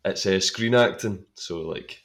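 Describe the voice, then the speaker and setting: A man's voice: low-pitched, measured pace, fairly bright tone. A Scottish man in his twenties, a podcast guest chatting in a laid-back way and laughing often. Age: 20s. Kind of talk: casual chat.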